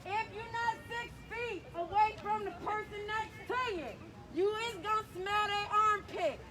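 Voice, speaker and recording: A woman's voice: extremely high pitch, measured pace. A woman leading a crowd through stretches at an outdoor rally, joking and chatty as she calls out moves. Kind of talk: playful outdoor crowd instruction.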